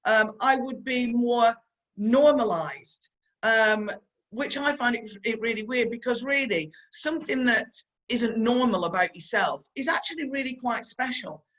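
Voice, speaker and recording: A woman's voice: fairly high pitch, measured pace, a bit bright, rough recording. Chatty Yorkshire woman telling stories. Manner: chatty and earnest, repeats key advice, speaks straight to the audience. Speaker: stunt performer and guest speaker. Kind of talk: storytelling motivational talk.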